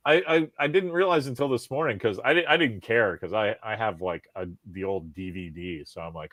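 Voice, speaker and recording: A man hosting a podcast, talking in a rambling, profane, animated way with lots of restarts. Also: fairly low pitch, fairly quick, hardly any pauses, no room sound. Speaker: podcast host. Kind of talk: casual chat.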